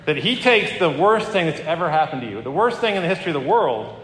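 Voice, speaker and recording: A man's voice: a little high, sing-song, quick pace, a bit bright, soft background music. A middle-aged man preaching a sermon in a conversational storytelling way, with frequent ums and restarts. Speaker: pastor. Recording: echoey hall with long reverb, faint ambience.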